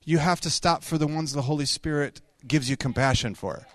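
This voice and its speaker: A male pastor tells stories in a sermon, talking conversationally with quick asides. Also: a little high, no room sound. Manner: conversational, animated storytelling with quick asides and laughs. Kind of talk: sermon storytelling.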